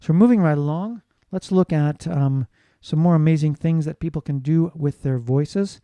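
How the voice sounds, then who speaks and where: Dark-voiced man giving a phonetics lecture. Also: a little high, normal speed, dry recording. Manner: explanatory, checks in with "right?". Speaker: teacher. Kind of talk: recorded lecture.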